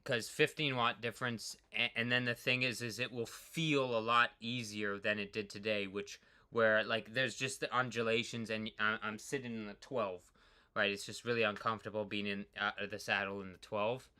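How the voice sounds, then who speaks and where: A man with a sharply bright, cutting tone talks loosely through his cycling workout numbers. He rambles, leans on filler words and swings from excited outbursts to quiet muttering at his own stats. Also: fairly low pitch, clean tone. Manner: excitable, peppered with "like", quick swings between hype and mutters. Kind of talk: casual rambling commentary on ride data.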